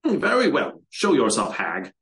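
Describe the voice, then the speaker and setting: A man's voice: mid-range voice, wildly swooping pitch, normal speed, creaky, fairly bright tone, voice pushed up, exaggerated voice. A proud archmage, played by a man reading an audiobook fantasy, raised a little above the reader's own voice. He answers curtly and scornfully, full of defiance.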